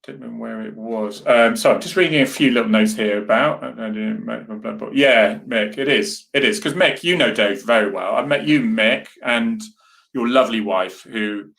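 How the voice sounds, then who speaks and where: Answering viewer comments on a casual live chat, this host talks earnestly and rambles, often restarting and making asides to viewers. He has a mid-range, fairly bright voice with vocal fry at a moderate pace.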